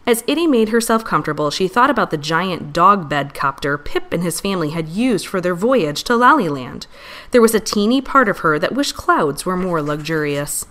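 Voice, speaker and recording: Woman reading a kids' storybook, really animated sing-song voice. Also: on the low side. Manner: gentle, expressive, lively voice changes for characters. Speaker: storybook reader. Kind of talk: reading a children's storybook aloud.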